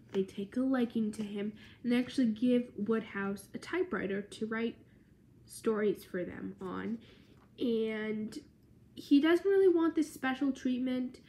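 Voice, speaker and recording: A woman's voice: fairly high pitch, a little mellow. A tired young woman giving a casual history explainer as a student presenter, chatty and full of filler words.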